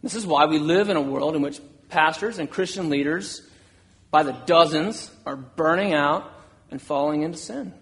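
A man's voice: fairly high pitch, fairly bright tone. A man preaching a sermon, earnest, voicing an apostle's words with rising intensity. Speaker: pastor.

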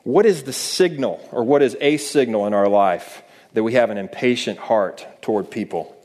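A man's voice: medium pitch, moderate pace, a little mellow. A man preaching a sermon in a conversational way, often asking the listeners rhetorical questions. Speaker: pastor.

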